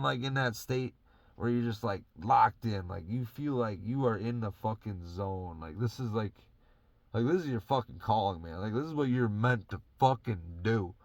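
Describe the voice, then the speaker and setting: A man's voice: medium pitch, darkish tone, dry recording. A young man from Wisconsin rambling casually and profanely about his life while sitting in his parked truck, laughing between thoughts. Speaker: podcast host. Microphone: phone or camera in the truck.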